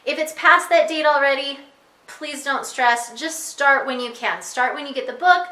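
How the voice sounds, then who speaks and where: Speaking to parents about how to help their child read, this teacher stays patient and goes back over her main points. She talks at a normal speed in a high, sharp voice, recorded from a distance in a reverberant room with poor audio.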